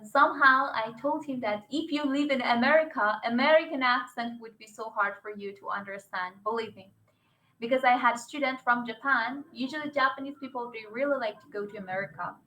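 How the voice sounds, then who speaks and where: A woman's voice: on the high side, pushed and bright, poor audio. A young woman English teacher chatting casually and animatedly about her students, with non-native phrasing. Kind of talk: casual chat.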